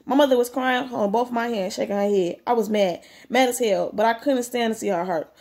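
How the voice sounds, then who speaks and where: A woman's voice: on the high side, fairly quick, hardly any pauses, darkish tone. A woman reading a story aloud, breaking off for blunt, slangy comments of her own. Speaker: story reader.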